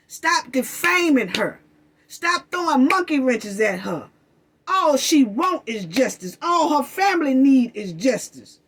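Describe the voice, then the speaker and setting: A woman's voice: high-pitched, a bit bright. A woman delivering an impassioned commentary rant, emphatic and accusatory, hammering the same phrases over and over. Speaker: commentary vlogger.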